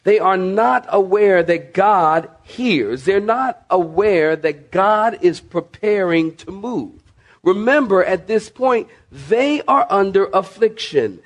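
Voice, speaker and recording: Pastor guy preaching, kinda high voice, keeps repeating stuff and telling folks to say amen. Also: expressive, slow pace. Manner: emphatic preacher who repeats key phrases and jokes with the congregation; calls on listeners to respond and mark their bibles. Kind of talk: sermon.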